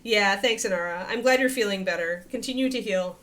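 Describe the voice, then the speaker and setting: A woman with a brisk, somewhat bright voice hosts a relaxed miniature painting livestream, chatting with viewers. She interrupts herself to speak to her dog in a high, sing-song tone.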